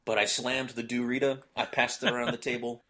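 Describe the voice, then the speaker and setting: A man's voice: mid-range voice, level tone, a little fast, pushed and bright. A young man hosting a casual podcast chat, laid-back and joking, laughing often. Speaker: podcast host.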